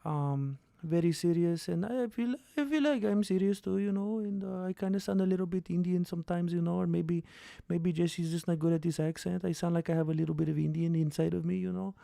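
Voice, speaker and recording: A man doing an impression of a soft-spoken, stoic male fighter, speaking in flat, broken English. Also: sits high, fairly quick, gravelly, no room sound, clean studio sound. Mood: deadpan. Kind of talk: comedic impression on a live stream.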